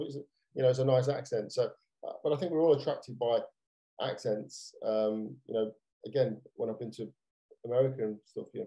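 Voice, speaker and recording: A man's voice: medium pitch, creaky, mellow, low-quality recording. A British man co-hosting a podcast, chatting casually and rambling with lots of restarts. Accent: British English. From Britain. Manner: rambling, frequent restarts and fillers. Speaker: podcast co-host. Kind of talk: casual chat.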